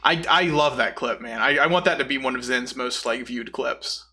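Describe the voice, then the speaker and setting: A male streamer rambles through a casual live-stream sign-off in a bright, sharp voice. He talks in a goofy, scattered way, stuffed with internet slang. Soft music plays faintly underneath. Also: medium pitch, normal speed, husky.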